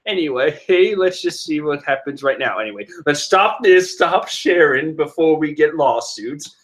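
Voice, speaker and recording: Vlogger man, higher-pitched voice, excitable rambling comic commentary, quick laughs. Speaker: manga reaction vlogger. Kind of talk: casual comic reading commentary.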